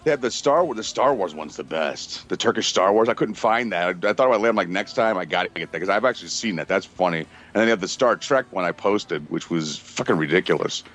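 A man's voice: low-pitched, lively intonation, quick pace, few pauses, fairly bright tone. A man hosting a podcast in casual chat, telling crude, rambling stories and acting out quotes. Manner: crude, rambling storyteller who acts out quotes. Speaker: podcast host.

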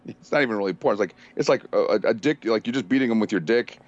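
A man's voice: lowish voice, animated, fast, lo-fi sound. A man hosting a podcast in casual chat, telling crude, rambling stories and acting out quotes. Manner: crude, rambling storyteller who acts out quotes. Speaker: podcast host.

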